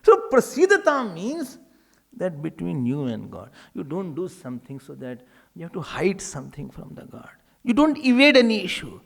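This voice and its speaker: A male spiritual teacher gives a spiritual discourse. He tells stories in a lively, humorous way and acts out dialogues. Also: sits high, moderate pace, vocal fry. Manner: animated storytelling, acting out dialogues with humor.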